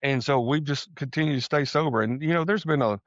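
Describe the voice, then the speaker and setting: A man from Texas telling a personal story on a podcast, animated, acting out the voices of people he quotes. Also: medium pitch, a little fast, no echo, muffled recording. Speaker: podcast guest. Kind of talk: casual storytelling.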